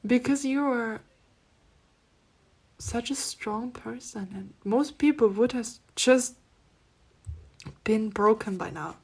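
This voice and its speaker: Soft-spoken woman giving a spiritual card reading. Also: on the high side, slow pace, creaky, long pauses, husky. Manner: soft-spoken, drifting between near-whispers and laughing outbursts. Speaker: tarot reader.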